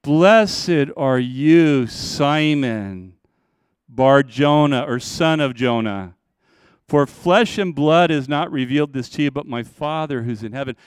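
A middle-aged man preaching a sermon as pastor, swinging between loud, emphatic lines and hushed, slowed ones. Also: medium pitch, clear, resonant tone, dry recording.

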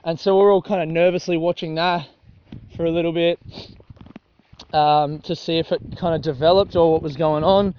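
High-voiced Australian guy rambling outdoors. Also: fairly even intonation, moderate pace, smooth. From South Australia. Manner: chatty, swears often, laughs at own jokes. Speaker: vlogger. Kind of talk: casual rambling monologue while walking. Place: outdoors on a grassy rural track. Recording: dull lo-fi audio with faint noise.

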